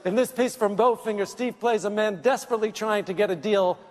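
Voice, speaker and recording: A man's voice: sits high, a little fast. A man giving a comic roast speech at an awards tribute, whiny and mock-apologetic, kvetching on stage. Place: large theater at an awards event. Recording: reverberant theater hall with audience. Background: audience laughter.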